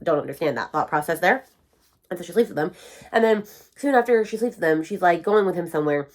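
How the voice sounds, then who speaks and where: A book vlogger with a fairly low-pitched voice talks fast, ranting in a lively, casual way about her reading. She quotes characters, giving each one a voice.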